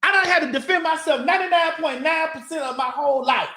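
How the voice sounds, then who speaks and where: A woman with a high voice hosts a casual talk show, venting in a loud, profane, animated way. She is from Miami-Dade and talks bluntly. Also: fast, hardly any pauses. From Miami-Dade, Florida. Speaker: morning show host.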